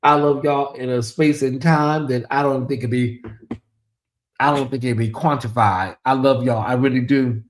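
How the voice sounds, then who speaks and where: A man's voice: mid-range voice, fairly even intonation, normal speed. A man hosting a casual late-night livestream in a chatty, drawling way, reading viewer comments aloud and talking to the audience as "y'all". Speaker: livestream host.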